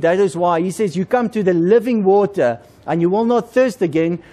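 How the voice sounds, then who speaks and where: Man preaching, high voice, casual repetitive delivery. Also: a little mellow. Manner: conversational, repeats words, asks the congregation questions. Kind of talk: sermon.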